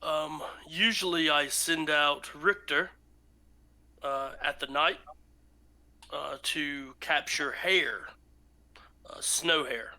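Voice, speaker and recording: A man voicing a calm, weary male dwarf who speaks slowly and hesitantly in a tabletop game. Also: creaky, full character voice. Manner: slow, hesitant, low-key.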